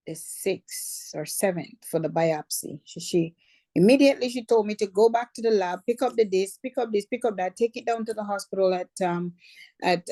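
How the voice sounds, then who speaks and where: A woman's voice: medium pitch, mellow, no echo. A middle-aged woman, a cancer survivor, telling her personal story in a chatty way and stopping to correct herself. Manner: conversational, backtracks and corrects herself.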